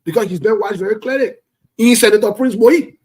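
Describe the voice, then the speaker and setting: A man calling in to a talk show, speaking forcefully and indignantly and repeating his points. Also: sits high, a little fast, husky. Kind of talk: heated call-in talk.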